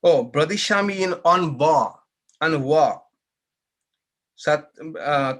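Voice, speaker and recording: A man's voice: a little high, expressive, takes it slowly, pauses often, fairly bright tone. A man, a monk, teaching a scripture class in a patient, explanatory way and inviting questions and corrections. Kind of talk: unhurried scripture class talk with Q&A.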